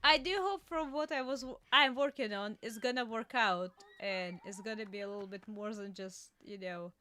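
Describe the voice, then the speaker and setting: A young woman streaming a game, chatting casually, laughing often and yelping and shouting at what happens on screen. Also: medium pitch, moderate pace. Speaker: VTuber streamer. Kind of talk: casual gameplay commentary.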